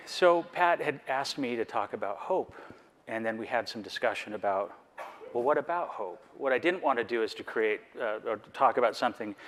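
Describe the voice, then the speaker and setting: A man on a conference board giving a reflective, personal talk, earnest and full of rhetorical questions. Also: mid-range voice.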